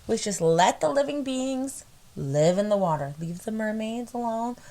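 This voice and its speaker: A woman's voice: fairly high pitch, lively intonation, moderate pace, dark tone. A woman hosting a podcast in casual chat, chatty and stumbling over words at times. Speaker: podcast host.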